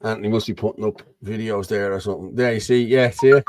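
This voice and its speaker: A man's voice: on the low side, steady tone, fast, a little mellow, no room sound. An Irish man hosting a casual political chat over a video call, rambling and blunt, often asking "you know what I mean". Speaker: host.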